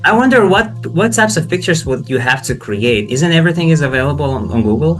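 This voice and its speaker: A man hosting a casual interview and tutoring pronunciation, talking with many restarts and animated questions. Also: fairly high pitch, fairly quick, over music. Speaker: podcast host and pronunciation tutor.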